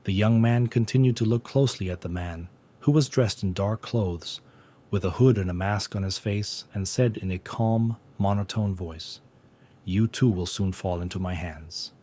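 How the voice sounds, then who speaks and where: Low-voiced man narrating a recap. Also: normal speed, warm tone. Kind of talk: scripted narration.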